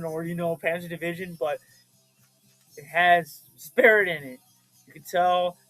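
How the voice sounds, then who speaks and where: A young man in casual chat, showing off his records with excited, profane enthusiasm. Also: high-pitched, poor audio. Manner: excitable and profane, with bursts of shouting.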